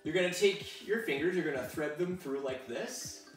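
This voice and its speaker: This kids' fitness instructor, a man from a French-speaking background, has a fairly high voice and keeps a moderate pace. He guides an at-home workout for children, counting reps and walking them through stretches in an upbeat, encouraging way. He's captured on a distant mic in a room full of echo, with music playing faintly.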